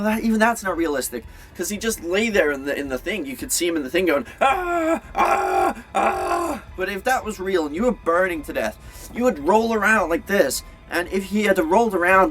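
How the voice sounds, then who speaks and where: A man's voice: high voice, a bit bright. Rambling young man reviewing a movie. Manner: rambling, filler-heavy, restarts often. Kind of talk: casual spoken movie review.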